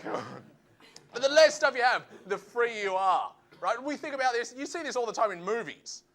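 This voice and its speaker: A man doing a stand-up routine, animated and acting out voices in quick asides. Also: very high-pitched. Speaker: stand-up comedian.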